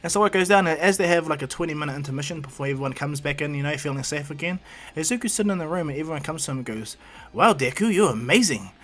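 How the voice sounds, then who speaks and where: A man's voice: fairly high pitch, rapid-fire, a bit bright. A man retelling a fan story casually, rambling along. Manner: rambling, with fillers and restarts.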